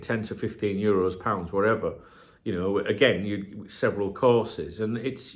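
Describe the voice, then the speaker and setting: A middle-aged man, talking to camera in a rambling, sweary, casual chat as a channel host. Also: medium pitch.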